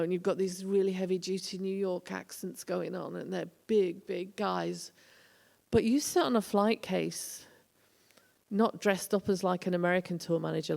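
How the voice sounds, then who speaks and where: In an echoey college lecture hall, a former tour manager tells road stories in a casual lecture. Her voice is on the low side and a little mellow with vocal fry, and as a chatty storyteller she acts out the people she quotes.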